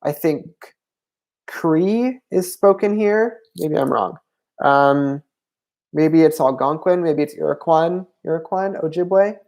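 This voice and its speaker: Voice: medium pitch, takes it slowly, darkish tone. Hesitant livestream host thinking aloud. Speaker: language channel host. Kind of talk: livestream Q&A, answering viewer questions.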